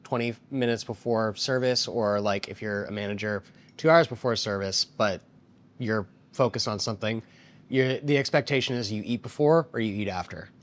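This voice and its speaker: A man in a casual interview, talking about restaurant work in a relaxed, rambling way full of fillers. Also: lowish voice, normal speed.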